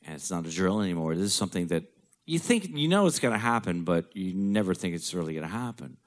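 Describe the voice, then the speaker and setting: A man with a very low, deep voice tells a personal story. He talks bluntly, swears freely and slips in dark jokes. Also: big pitch swings, fast. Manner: blunt, profane, darkly joking.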